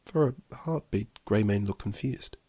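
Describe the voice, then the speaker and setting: Low-voiced man narrating a dark story. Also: measured pace, slightly rough, dry recording. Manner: even, hushed storytelling. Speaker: audiobook narrator. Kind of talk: scripted narration. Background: background music.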